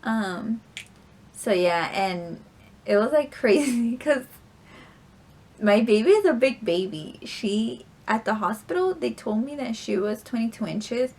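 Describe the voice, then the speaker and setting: A woman's voice: fairly high pitch, animated, unhurried, darkish tone. A young woman vlogger telling a story in a casual, rambling way, full of filler words and casual swearing.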